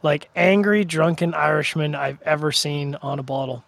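A man co-hosting a casual tasting chat over a video call, playful and quick to laugh. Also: a little high, creaky, fairly bright tone, no echo. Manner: chatty, playful, laughs easily. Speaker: co-host of a drinks tasting show.

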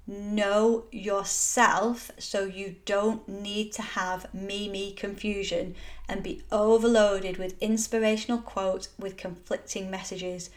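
A middle-aged woman hosting a solo motivational podcast, talking in an earnest, encouraging and emphatic way. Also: mid-range voice. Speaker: podcast host.

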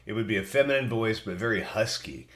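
A middle-aged man hosts a podcast alone and reads out listener answers. He has a cold and talks in a chatty, folksy way with asides. His voice sits a little low. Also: fast talker. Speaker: podcast host. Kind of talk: casual solo podcast reading listener answers.

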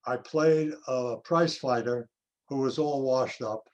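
An older actor, guesting in an interview, reminisces and tells anecdotes without hurrying. His voice is mid-range and darkish, and the highs are cut off.

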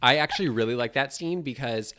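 A woman's voice: very deep voice, brisk, fairly bright tone. A woman in casual conversation about a movie, talking animatedly and acting out characters' lines.

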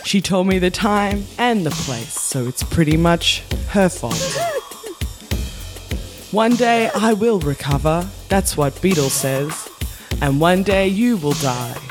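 A man playing a vengeful, overwrought spoken-word poet, declaiming slowly. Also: high-pitched, animated. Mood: dramatic. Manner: slow dramatic declaiming over music. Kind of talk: comic slam poetry. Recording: music behind.

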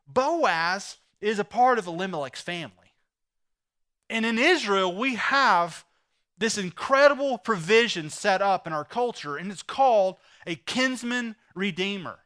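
A man preaching a sermon, retelling a story with animated voices for the characters. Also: sits high, a little slow. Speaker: pastor.

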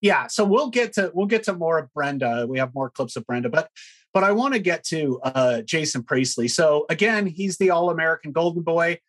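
Casting: sardonic podcast co-host, relaxed chat, mid pitch. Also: moderate pace. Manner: mocking, animated. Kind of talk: casual chat.

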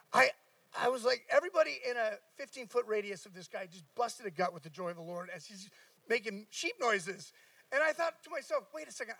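A man's voice: very high-pitched, gravelly, fairly bright tone, no room sound, far from the mic, low-quality recording. A man giving a casual sermon, telling a personal story with many fillers and asides. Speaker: preacher.

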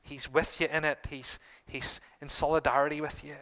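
A middle-aged man preaching a sermon to his congregation, earnest, repeating phrases and pausing for emphasis. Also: a little high, little pitch movement, bright, forceful tone. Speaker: pastor.

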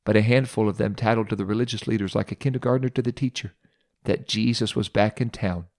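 A man's voice: on the low side, quick pace. Dramatic male preacher telling a story. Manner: dramatic, expressive retelling. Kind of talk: sermon storytelling.

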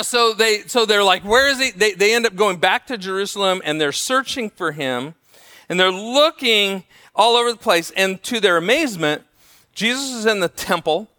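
In a big-room setting, a high-voiced male preacher animates his sermon's stories, voicing each person he quotes.

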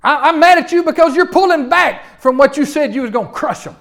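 Give me a man doing an indignant, shouting prophet, high-pitched and furious. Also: lively intonation, racing, heavily acted. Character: furious indignant male prophet ranting at God.

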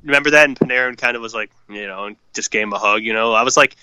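A man's voice: medium pitch, racing, bright, forceful tone, smooth, no echo, low-quality recording. A man co-hosting a casual hockey podcast, swearing freely and ranting with strong opinions. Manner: profane, fired-up hockey opinions. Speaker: podcast co-host. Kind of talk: casual sports chat.

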